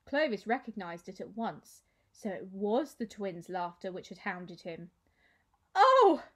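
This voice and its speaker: A woman teacher reading a children's novel aloud with expressive storytelling. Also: mid-range voice, measured pace, slightly rough.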